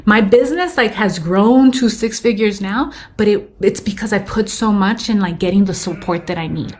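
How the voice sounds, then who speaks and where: A woman's voice: mid-range voice, normal speed, darkish tone. Candid woman telling her story. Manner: candid, mixes in Spanish phrases. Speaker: podcast guest, business owner. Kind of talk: casual interview storytelling.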